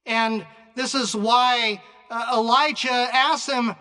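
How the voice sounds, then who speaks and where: A man preaching a sermon in a slow, deliberate way, with frequent pauses and restarts. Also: very high voice, steady tone, bright, forceful tone. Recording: long reverb of a large hall.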